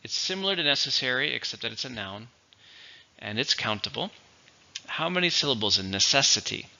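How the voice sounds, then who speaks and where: Guy teaching english vocab, very bright sharp tone, kinda dull lo-fi sound. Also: medium pitch, expressive. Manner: slow, clear teacherly explanations. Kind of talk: vocabulary lesson.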